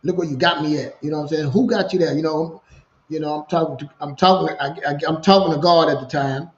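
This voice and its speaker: Animated man in his forties, roomy lo-fi. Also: on the high side, fast. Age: 40s. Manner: animated, repeats himself, acts out dialogue. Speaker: guest. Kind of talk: casual storytelling. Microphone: video call. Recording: lo-fi roomy video call.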